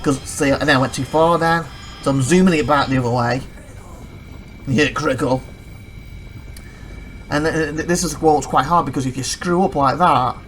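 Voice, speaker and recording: A let's play host giving casual gameplay commentary, rambling and self-correcting, retelling a mishap with excitement and laughs. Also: medium pitch, a little hiss or hum. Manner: chatty, excitable storytelling with laughs.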